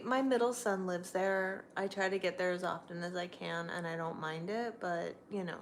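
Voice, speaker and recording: A woman's voice: fairly even intonation, moderate pace, hardly any pauses, slight background noise. A middle-aged woman, chatting casually on a livestream from home and cooing at her pets. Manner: chatty, talks to her pets in a high sing-song voice. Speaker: vlogger. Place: home, indoors.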